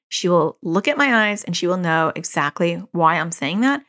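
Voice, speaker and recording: Woman in her 40s chatting parenting tips on her podcast, somewhat low voice, repeats stuff to make a point. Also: moderate pace, a bit bright. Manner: conversational, repeats phrases for emphasis. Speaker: podcast host and parenting coach. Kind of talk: casual advice talk.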